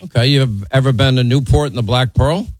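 A man's voice: medium pitch, fast talker, darkish tone, no echo, poor audio. A man hosting a call-in talk radio show, talking bluntly and conversationally and teasing his callers.

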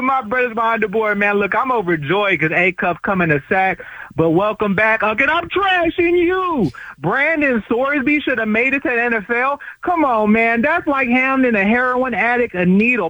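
A man's voice: high-pitched, sharp tone, dry recording, rough recording. A man calling into a sports radio show, slangy and teasing as he trash talks. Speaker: caller. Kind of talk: call-in radio trash talk.

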